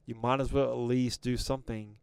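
A man's voice: mid-range voice, flat delivery, fairly quick, creaky, a little mellow, smooth, no room sound. A man hosting a podcast, giving a casual but preachy motivational monologue straight to his listeners with rhetorical questions and lots of "man" and "you know". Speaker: podcast host.

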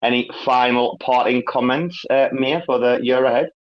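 A man's voice: medium pitch, steady tone, normal speed, lo-fi sound. A man with an English accent hosting a casual online chat, swearing constantly and laughing as he tells stories. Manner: profane, laughing, storytelling with a northern English slang. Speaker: host. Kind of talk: casual crypto community chat.

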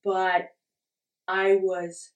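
A woman's voice: mid-range voice, monotone, extremely slow. A middle-aged woman candidly telling a personal story with frank, self-deprecating humor and frequent laughs. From Utah. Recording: roomy echo, distant from the mic.

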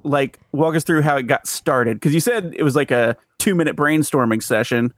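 A man co-hosting a podcast, asking a guest questions in a halting, easygoing way. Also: fairly high pitch, dry recording, studio quality. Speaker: podcast co-host. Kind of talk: casual interview chat.

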